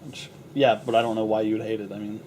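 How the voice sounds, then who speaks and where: A man's voice: fairly low pitch, little pitch movement, fast, a little mellow, a little hiss or hum. A young man co-hosting a casual movie review chat, easygoing and agreeable.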